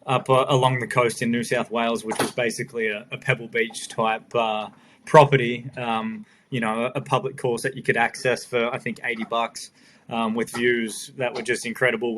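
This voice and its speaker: An Australian man talks in a casual podcast chat, his pitch staying fairly level. He stops and restarts often and leans on lots of fillers. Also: a bit bright, a little hiss or hum. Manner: halting, with many fillers and restarts. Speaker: podcast regular.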